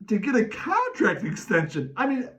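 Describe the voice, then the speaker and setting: A middle-aged man hosting a fan rant, animated and talking about himself in the third person. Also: sits high, moderate pace. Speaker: podcast host ranting as a sports fan. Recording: distant mic, dull lo-fi sound.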